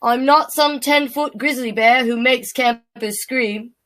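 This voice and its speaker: A woman's voice: fairly high pitch, a little slow, a bit bright. A woman voicing a grumpy male koala who is fed up with being called a bear, in a put-on Australian accent and a sing-song, rhyming storybook delivery. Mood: indignant.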